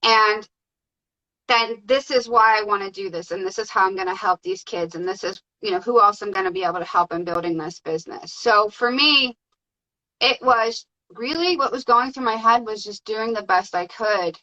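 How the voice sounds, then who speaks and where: Woman podcast guest, chatty and excitable, bright high voice, slightly muffled remote audio. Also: moderate pace. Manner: excited, chatty, many fillers. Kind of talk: casual interview storytelling.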